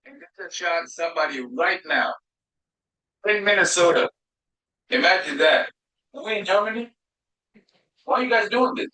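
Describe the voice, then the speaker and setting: A man working as a driver, confronting officers, challenging them with heated questions and sometimes shouting. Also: high-pitched, expressive, moderate pace, pauses often, reverberant, poor audio.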